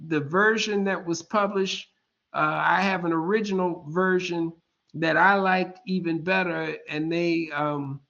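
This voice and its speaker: Slow, unhurried man in his fifties lecturing. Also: high-pitched, gravelly, pushed and bright, highs cut off. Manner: slow, deliberate explaining, keeps checking in with "all right?"; informal and joking asides. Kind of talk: online lecture.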